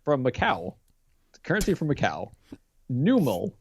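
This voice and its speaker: A man's voice: medium pitch, wildly swooping pitch, measured pace, a little mellow, husky. A man co-hosting a casual podcast, running a quiz with a teasing, amused manner. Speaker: podcast co-host, quiz master. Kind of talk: casual chat.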